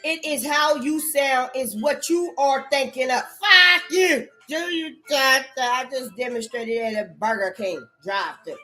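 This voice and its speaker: A woman in a rambling, profane rant, repeating curses and jumping between loud outbursts and low mutters. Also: measured pace, hardly any pauses, faint music behind. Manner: erratic, repetitive, swearing constantly, swinging between shouts and mutters. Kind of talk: profane stream-of-consciousness rant.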